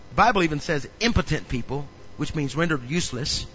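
A male pastor preaching a sermon in an animated way, often questioning the congregation. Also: on the high side, a little fast, highs cut off, slight background noise.

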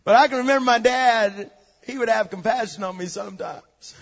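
A man preaching a sermon, telling stories and building to emphatic shouts. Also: high voice, fairly quick, gravelly, lo-fi sound.

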